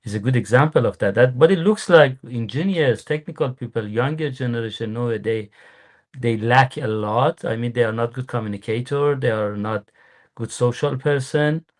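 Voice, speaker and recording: A male podcast host with a mid-pitched voice who asks questions haltingly. He often pauses and restarts as he searches for the right words. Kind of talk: interview questions.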